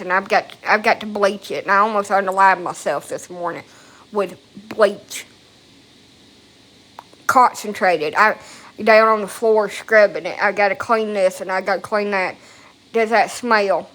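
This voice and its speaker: A woman's voice: medium pitch, steady tone, normal speed, a bit bright. A woman talking casually into a phone at home, rambling and emotional, with frequent swearing. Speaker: vlogger. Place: at home, indoors.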